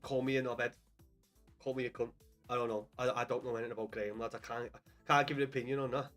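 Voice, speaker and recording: A young man with a Scouse accent talks casually to his live-stream viewers, swearing freely and calling them lad. His voice sits in an ordinary middle pitch. Faint music plays quietly underneath. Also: little pitch movement, fast. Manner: chatty, swears often, calls viewers lad. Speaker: livestream host.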